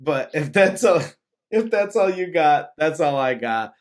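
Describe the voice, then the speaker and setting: A man's voice: a little high, animated, unhurried. A man in his forties co-hosting a film review podcast, casual, joking and swearing freely. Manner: profane, joking, laughs often. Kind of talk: casual chat.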